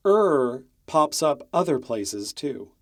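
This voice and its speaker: A man narrating a documentary in a measured, explanatory way. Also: mid-range voice, sing-song.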